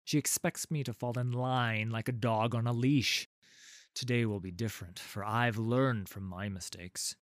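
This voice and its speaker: A man giving scripted first-person narration of a fantasy story in a dramatic, measured way. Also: lowish voice, dry recording, clean studio sound.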